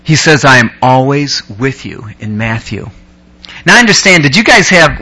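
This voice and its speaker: A man preaches with a high, bright voice that swings widely up and down. He jokes with and teases his listeners, then builds his stories into excited, rising peaks. The delivery is a playful, storytelling sermon. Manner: joking, teasing the audience between scripture points. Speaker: pastor. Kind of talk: sermon to a youth group.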